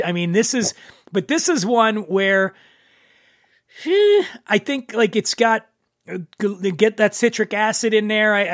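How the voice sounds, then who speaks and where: A man's voice: high voice, a bit bright, dry recording, clean studio sound. A man from Philadelphia with a Philadelphia accent, hosting a casual whiskey tasting chat, joking and restarting often. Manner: chatty, joking, many restarts. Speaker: podcast host.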